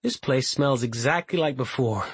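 A man's voice: mid-range voice, normal speed, slightly rough, dry recording. A male audiobook narrator voicing a guarded, wry young man who answers tersely and defensively. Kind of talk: audiobook character voice.

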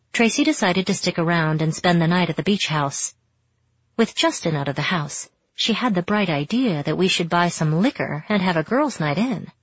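A woman narrating a first-person romance novel in a steady, intimate storytelling manner. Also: lowish voice, no room sound, highs cut off. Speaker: audiobook narrator.

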